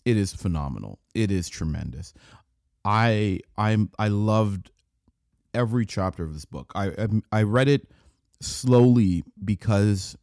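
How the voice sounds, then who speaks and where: A man's voice: on the low side, mellow, dry recording, studio quality. A man hosting a solo podcast, talking in a loose, rambling way that keeps restarting and repeating words. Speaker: podcast host. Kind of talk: casual solo podcast talk.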